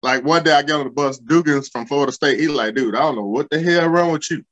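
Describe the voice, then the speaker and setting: A man, telling rowdy football stories in slangy, swearing, animated chat. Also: a little high, fast, dull audio. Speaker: guest, former football linebacker. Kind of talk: casual storytelling.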